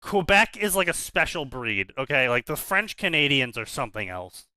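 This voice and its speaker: A man's voice: on the high side, sing-song, normal speed, bright, forceful tone, dry recording. A man co-hosting a podcast, ranting casually and cursing, often repeating his words as he starts a thought. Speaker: podcast co-host. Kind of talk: casual banter.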